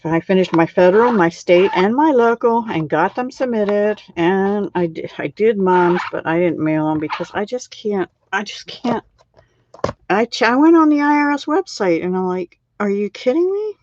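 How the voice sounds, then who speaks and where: A woman's voice: mid-range voice, normal speed, background noise. Middle-aged lady chatting thru a card craft stream, pokes fun at herself, kinda dull lo-fi audio. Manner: chatty, self-deprecating, laughs often. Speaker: card-making live stream host. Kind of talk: casual crafting demo chat. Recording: dull lo-fi sound.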